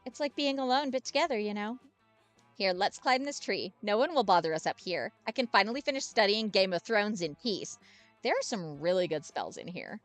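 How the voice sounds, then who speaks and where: A woman voicing a tired, deadpan teenage witch girl in a game playthrough. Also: fairly quick, dry recording, soft background music, close to an everyday voice. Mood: weary. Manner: low, weary, flat.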